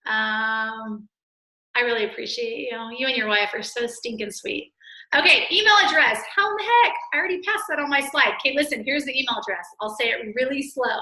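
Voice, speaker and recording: Bright, effusive woman, webinar host reading out chat questions, slightly high voice, roomy echo. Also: fairly quick. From Texas. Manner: bubbly, effusive, reads chat questions aloud. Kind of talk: live webinar Q&A.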